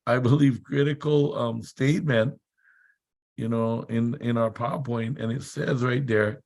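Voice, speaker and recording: A man's voice: mid-range voice, steady tone, slow pace, gravelly. A man giving a motivational seminar talk, telling chatty anecdotes and laughing often. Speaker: seminar speaker.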